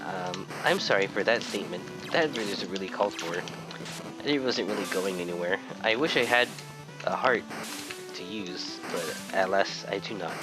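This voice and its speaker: Guy doing a super polite humble gamer voice, slow and sugary, game music going behind. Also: low voice, voice pushed down, lightly acted, poor audio. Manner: slow, sugary, mock-gentle commentary. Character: overly polite, humble soft-spoken male gamer. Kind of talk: let's-play commentary. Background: video game music.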